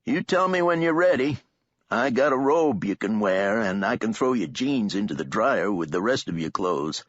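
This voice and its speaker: A chatty old man fusses over someone with a drawling, sing-song delivery, his voice climbing and dipping all over the place, as a male narrator puts him on. The tone is husky, and the audiobook recording sounds dull and dry. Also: fairly low pitch, animated, normal speed, dry recording. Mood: friendly. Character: chatty kindly old man, folksy and fussing. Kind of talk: audiobook character voice.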